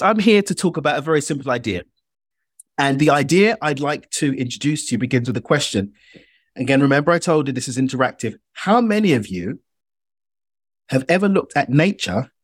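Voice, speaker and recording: A British man giving an interactive online keynote, energetic and playful, speaking straight to his audience. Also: a little high, breathy edge, no room sound, clean studio sound. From Britain.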